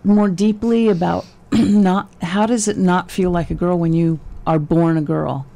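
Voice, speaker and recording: A woman's voice: fairly low pitch, steady tone, unhurried, gravelly, warm tone. A woman interviewing a guest, who asks probing questions and rephrases them again and again.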